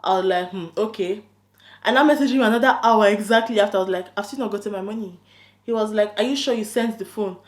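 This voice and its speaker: Animated woman telling a story, echoey room. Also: medium pitch, quick pace. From London. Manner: animated, quotes both sides of a chat, frequent "I'm like". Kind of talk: casual storytime chat.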